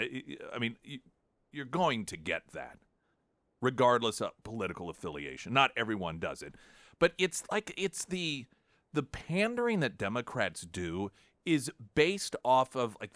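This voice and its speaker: A male talk radio host with a medium-pitched, slightly bright voice speaks in a studio with no echo. His political commentary is sarcastic and mocking, and he often restarts mid-thought at the studio microphone.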